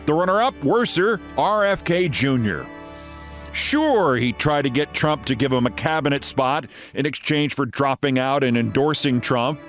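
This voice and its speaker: A man's voice: medium pitch, moderate pace, hardly any pauses, a bit bright, faint music behind. A man in his sixties hosting a political commentary show, with a sarcastic, theatrical delivery and emphatic swings in his voice. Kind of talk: scripted sardonic commentary.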